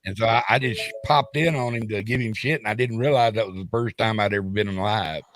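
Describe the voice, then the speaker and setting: Teasing man with a low voice. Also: brisk, a bit bright, soft background music. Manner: joking, teasing. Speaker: livestream guest. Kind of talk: casual live chat.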